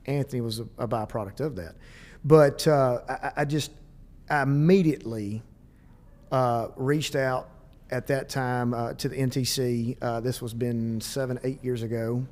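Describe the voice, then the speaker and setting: A middle-aged man with a Southern US accent, speaking as a school district administrator in a casual podcast interview and acting out bits of dialogue as he tells stories. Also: mid-range voice. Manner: animated, quick storyteller who acts out dialogue.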